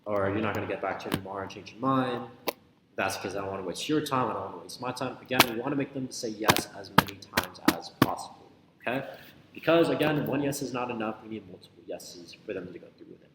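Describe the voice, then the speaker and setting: A young man teaching sales calls in a casual, energetic way, often acting out both sides of a phone conversation. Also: lowish voice, fast talker, noisy background. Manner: energetic, repetitive, acts out both sides of the call. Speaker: sales coach. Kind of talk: casual instructional talk. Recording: echoey room with long reverb, faint ambience.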